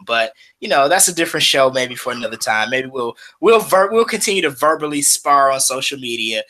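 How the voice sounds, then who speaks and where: A man's voice: a little high, bright, forceful tone. A man co-hosting a wrestling radio show, talking casually and boasting emphatically. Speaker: podcast co-host.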